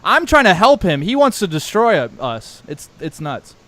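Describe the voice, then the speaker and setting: A man's voice: high voice, very animated, a little slow, a bit bright. A man hosting a call-in talk show, joining in to mock someone in a casual, amused way. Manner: mocking, chuckling along with the caller. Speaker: show host.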